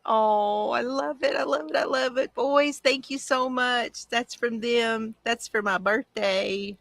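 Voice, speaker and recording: A woman's voice: on the high side, steady tone, takes it slowly, creaky, fairly bright tone, dry recording. A woman hosting a casual crafting livestream, chatty and gushing as she answers viewer comments from home.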